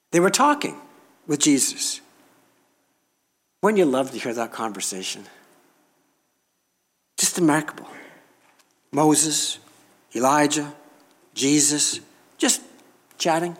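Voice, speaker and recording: A man preaching a sermon, slow and emphatic, leaning into dramatic pauses. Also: fairly high pitch, big pitch swings, in a large hall.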